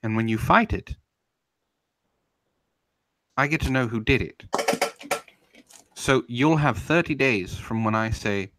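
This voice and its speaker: A man's voice: medium pitch, lively intonation, takes it slowly, pauses often, a bit bright, slight background noise. A man hosting a live stream, ranting in a confrontational, taunting way and answering chat, admitting he is getting heated.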